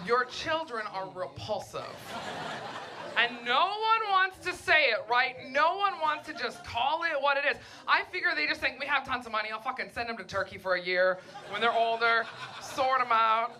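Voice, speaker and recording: A young woman performing a crude, brash stand-up set on a comedy club stage, with deadpan delivery, mocking voices and audience laughter behind her. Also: on the high side, normal speed, a little hiss or hum.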